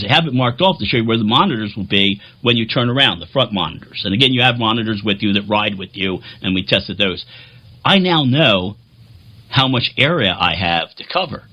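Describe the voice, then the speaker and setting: A man's voice: mid-range voice, animated, moderate pace, sharp tone. A man who plays keyboards in a band, telling a rambling, jokey, self-deprecating vlog story.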